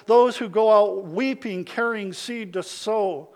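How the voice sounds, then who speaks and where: A man preaching a sermon, swinging from hushed lines to loud calls for amens and acting out the voices of his listeners. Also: high-pitched, slow pace. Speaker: pastor.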